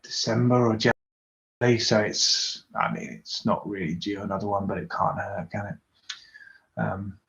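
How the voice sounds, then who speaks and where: A man's voice: lowish voice, fairly even intonation, measured pace, vocal fry, fairly bright tone. A man chatting casually on a live stream, rambling and poking fun at himself as he answers viewer comments. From Britain. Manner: rambling, self-deprecating, chatty. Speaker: YouTuber doing a live tinkering stream. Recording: roomy, dull recording.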